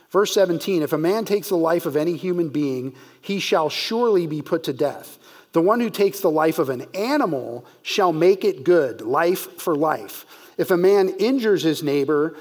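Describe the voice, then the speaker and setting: A man teaching verse by verse through a Bible passage, reading scripture slowly and stressing key words for emphasis. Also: a little high.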